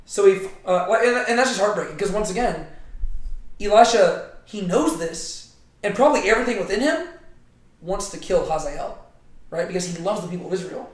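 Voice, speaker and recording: A man with a high voice leads a casual Bible study, thinking out loud and tagging his points with "right?". His voice rings around a very echoey room. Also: expressive, normal speed. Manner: thinks aloud, constantly checking in with "right?". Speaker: Bible teacher.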